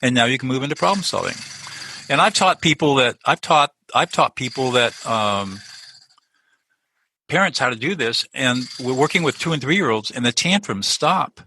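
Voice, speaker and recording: A man's voice: mid-range voice, expressive, normal speed, pushed and bright, a little hiss or hum, low-quality recording. A middle-aged man, a lawyer turned peacemaker, explaining his ideas earnestly as a guest in a conversational interview, often restarting his sentences.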